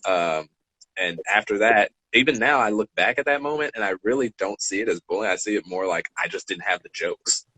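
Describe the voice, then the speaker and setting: A man in his twenties co-hosting a podcast, telling stories in a casual, animated way and acting out the dialogue. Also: on the low side, brisk, no room sound, low-quality recording. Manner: animated, acts out dialogue, laughs between lines. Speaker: podcast co-host. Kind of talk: casual storytelling chat.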